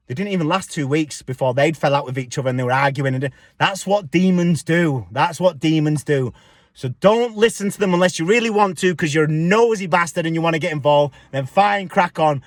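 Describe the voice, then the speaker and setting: A young man talks straight to his viewers in a high voice, blunt and defiant, with plenty of swearing. The sound is dry, with no room echo. He delivers a loose, casual rant. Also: fairly quick. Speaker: spiritual vlogger. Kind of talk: casual ranting monologue.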